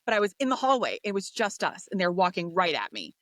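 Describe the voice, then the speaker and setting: A woman, a podcast guest, telling a story in an interview, animated and acting out the voices of people she quotes. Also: on the low side, quick pace, no room sound. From United States.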